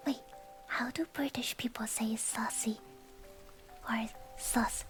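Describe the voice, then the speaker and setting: A woman streamer doing whispered conversational ASMR, giggly and teasing, dropping between soft whispers and short voiced words. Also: sits high, a little slow. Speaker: VTuber streamer. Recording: soft music playing behind.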